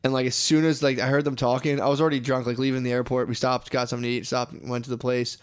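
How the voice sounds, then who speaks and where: A man's voice: medium pitch, flat delivery, very fast, smooth. A young adult man co-hosting a podcast, rambling through crude travel stories with lots of filler and laughter. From United States. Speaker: podcast co-host. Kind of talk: casual crude banter.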